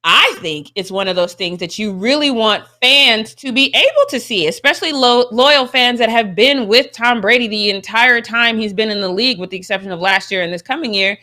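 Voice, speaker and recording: A young adult woman co-hosting a sports show in casual chat, expressive and emphatic, laughing often. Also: fairly high pitch, brisk, few pauses.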